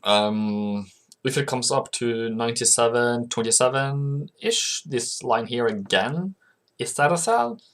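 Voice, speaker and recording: A man talks viewers through trading charts in a loose, casual commentary. His pitch swings widely as he poses questions and answers them himself, and he chats with viewers, calling them "mate". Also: expressive, unhurried, a bit bright. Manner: chatty, coaxes viewers as "mate". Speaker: forex trading channel host.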